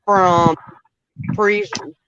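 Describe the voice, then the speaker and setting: A woman chatting casually on a live stream, telling stories in an emphatic, expressive way. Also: medium pitch, slow, clear, resonant tone, dry recording, muffled recording. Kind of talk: casual chat.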